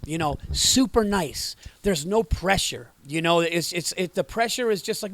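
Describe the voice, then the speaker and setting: High voiced guy comedian, excitable storyteller, does all the voices himself. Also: moderate pace, hardly any pauses, no echo. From Greek and Sicilian heritage. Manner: excitable, acts out both sides of a conversation. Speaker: comedian guest. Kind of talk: animated storytelling.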